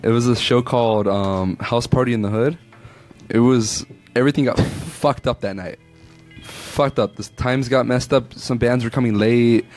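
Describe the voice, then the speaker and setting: A man's voice: medium pitch, steady tone, moderate pace, a little mellow, faint music behind. A young man, a new show promoter, talking hesitantly with many fillers in casual chat. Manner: hesitant, lots of ums and laughs.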